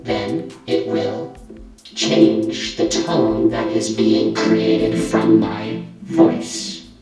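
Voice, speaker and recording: A man speaking slowly through a vocoder, overenunciating every syllable. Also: fairly low pitch, steady tone, loud music behind the voice. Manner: slow, overenunciated. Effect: vocoder synth voice. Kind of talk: slow spoken vocoder demo. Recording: roomy echo with loud synth.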